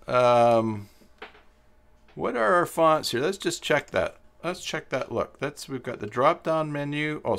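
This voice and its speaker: A man hosting a live-stream web design tutorial, thinking aloud as he works and answering chat viewers, halting often with pauses and fillers. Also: medium pitch, fairly bright tone. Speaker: tutorial host.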